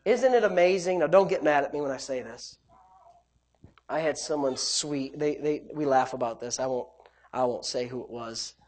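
In this sermon, delivered at moderate speed, the preacher shifts from loud emphatic outbursts to quiet low remarks. He repeats himself, lingers on key phrases, and calls out to the congregation.

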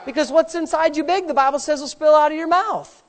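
A woman preaching a sermon, emphatic and repetitive, building to forceful peaks as she drives her point home. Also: high voice, brisk.

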